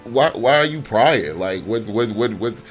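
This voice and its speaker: A man's voice: medium pitch, animated, measured pace, faint music behind, close to an everyday voice. A man voicing a streetwise young man who talks bluntly in slang and stumbles over his words. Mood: defensive. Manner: hesitant, restarting, slangy.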